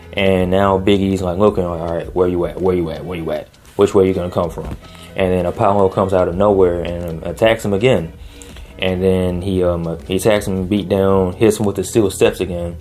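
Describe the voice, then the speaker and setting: Deep-voiced man recapping wrestling, laid-back. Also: darkish tone. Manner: laid-back, filler-heavy retelling with quick acted-out quotes. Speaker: wrestling show reviewer. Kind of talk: casual recap monologue. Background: faint background music.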